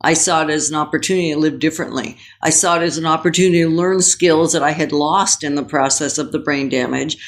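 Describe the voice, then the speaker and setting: A woman's voice: sits low, fast, hardly any pauses. A woman co-hosting a casual conversation, speaking in an earnest, encouraging and reflective way. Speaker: podcast co-host.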